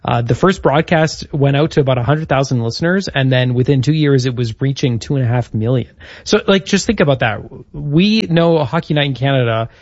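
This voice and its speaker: A man's voice: medium pitch, a little fast, no room sound. Man, casual co-host, storytelling, dry room, muffled recording. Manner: storytelling, reading out history notes. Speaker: podcast co-host. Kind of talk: casual chat.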